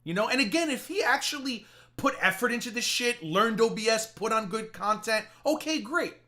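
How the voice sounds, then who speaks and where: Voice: medium pitch, expressive, moderate pace, pushed and bright. A reaction streamer mocking another streamer in casual live commentary, swearing freely and slipping into mock-weepy impressions.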